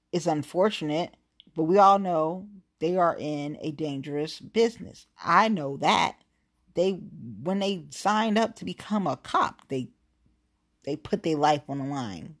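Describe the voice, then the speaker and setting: A woman's voice: fairly low pitch, husky. A woman delivering a blunt, heated political rant, swearing constantly.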